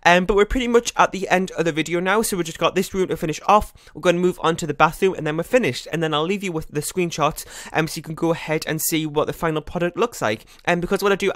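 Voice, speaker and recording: A man's voice: on the high side, fairly bright tone, no echo, clean studio sound. A man hosting a gaming channel, chatting casually over his gameplay, rambling and correcting himself as he goes. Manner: rambling, self-correcting, laughs at own slips. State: a bit out of breath.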